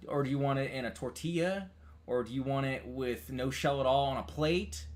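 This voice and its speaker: A man from upstate New York talking casually to his chat. He rambles, restarts his sentences and curses a lot, calling everyone "dude", and his voice climbs high and loud when he gets worked up. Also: normal speed.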